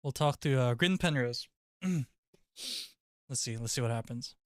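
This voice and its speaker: A male streamer chatting casually to viewers on a live stream, excitable and loud, swearing and laughing often. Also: mid-range voice, measured pace, no echo, studio quality.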